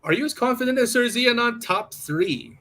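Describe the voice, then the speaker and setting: A man's voice: very high-pitched, lively intonation, moderate pace, bright, forceful tone. A man hosting a casual sports podcast, putting questions to his co-hosts in a hesitant, restarting way. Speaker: podcast host.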